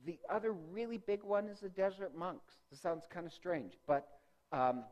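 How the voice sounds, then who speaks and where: A man's voice: high voice, moderate pace, a little mellow, muffled recording, slight background noise. A man teaching a parish faith class, talking off slides in a loose, joking way with many fillers and corrections. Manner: rambling, many ums and self-corrections; conversational with jokes. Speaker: parish religious-education teacher. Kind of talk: informal lecture with slides.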